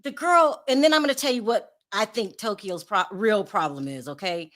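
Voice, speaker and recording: A woman's voice: medium pitch, normal speed, a bit bright. A woman hosting a celebrity gossip livestream, giving blunt opinions, laughing often and talking to her chat. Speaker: host.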